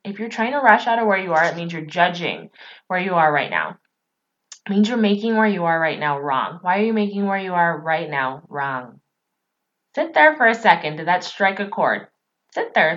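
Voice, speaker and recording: A woman's voice: medium pitch, lo-fi sound. A woman hosting a motivational podcast as a coach. She talks straight to her listeners and repeats phrases for emphasis. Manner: warm, encouraging, speaks to listeners directly.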